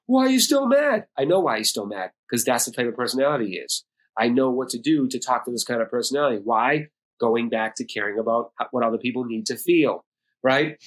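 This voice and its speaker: Podcast guest, middle-aged man from Boston; candid, profane storyteller at a mid pitch. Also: fairly bright tone. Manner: blunt, heavy swearing. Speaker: podcast guest, music producer and DJ.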